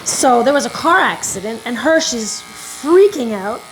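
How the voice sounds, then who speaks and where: A woman's voice: on the high side, big pitch swings, unhurried, noisy background. A woman dog groomer telling a long story in a rambling, self-correcting way while she works in her home grooming room, stopping now and then to soothe the dog. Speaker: dog groomer and video host.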